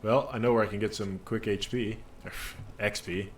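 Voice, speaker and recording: A man's voice: on the low side, fairly even intonation, moderate pace, slight background noise. A man streaming a video game, making casual commentary with playful asides as he reads the dialogue aloud.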